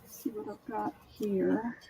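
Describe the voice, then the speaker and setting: A woman's voice: mid-range voice, fairly even intonation, measured pace, vocal fry, heavy background noise. Chatty Southern woman selling linens. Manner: chatty, describes items in detail. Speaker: online sale host. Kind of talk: live-stream selling chat.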